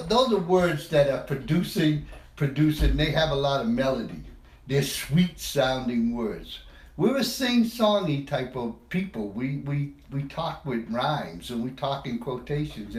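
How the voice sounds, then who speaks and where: A man's voice: mid-range voice, echoey room. A man from the United States giving a loose, rambling talk, repeating words and laughing at himself as he goes. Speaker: speaker on language. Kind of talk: informal monologue.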